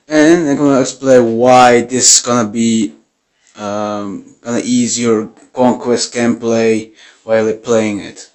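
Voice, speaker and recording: A man hosting his first gaming video, giving game tips in a nervous, apologetic way with many halting fillers. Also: medium pitch, fairly even intonation, a little mellow. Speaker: gaming channel host.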